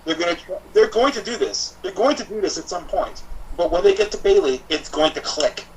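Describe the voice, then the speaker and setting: A man co-hosting a casual wrestling podcast, excitable, often acting out imagined promos in put-on voices. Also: high-pitched, brisk, slight background noise, poor audio. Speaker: podcast co-host.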